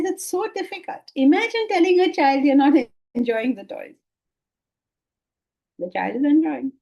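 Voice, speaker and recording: This dull lo-fi recording captures a middle-aged Vedanta teacher whose voice sits high with a dark tone. She gives a spiritual discourse to a class conversationally, acting out quoted replies and laughing a lot.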